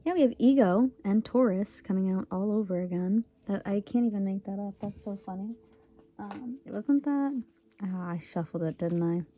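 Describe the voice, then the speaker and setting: A woman's voice: medium pitch, a little fast, hardly any pauses, highs cut off, background noise. A woman in her twenties from Michigan, giving a casual, earnest tarot reading and repeating phrases for emphasis. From Michigan, USA. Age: 20s. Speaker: tarot reader.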